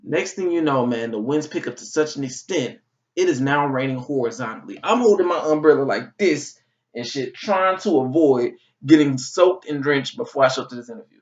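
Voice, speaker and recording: A young man from Georgia in his twenties, telling a funny story in a vlog, animated and full of swearing. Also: medium pitch, fairly quick. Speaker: vlogger. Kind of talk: comic storytelling. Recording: dull, slightly distant recording.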